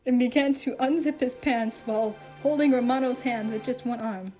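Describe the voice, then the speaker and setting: A woman's voice: fairly high pitch, normal speed, music in the background. Woman reading a story aloud. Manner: reacts aloud with asides and exclamations. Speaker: reader of fan fiction. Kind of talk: dramatic reading with character voices.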